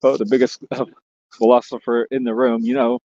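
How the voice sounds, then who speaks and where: A man's voice: medium pitch, level tone, brisk, dark tone, dry recording, dull audio. A man hosting a livestream, chatting casually and joking as he rambles and reads out viewer comments. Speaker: livestream host.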